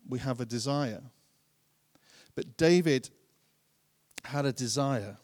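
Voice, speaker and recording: A man preaching a sermon in an earnest way, repeating phrases for emphasis and slowing down to stress key lines. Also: medium pitch, darkish tone. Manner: slows and drops his voice to stress key lines. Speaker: pastor.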